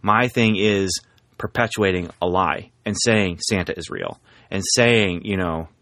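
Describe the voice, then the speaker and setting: A man in a casual talk, choosing his words carefully with pauses and restarts. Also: low voice, lively intonation, fairly bright tone, no room sound, studio quality. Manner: careful, hesitant, many fillers and restarts. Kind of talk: casual chat.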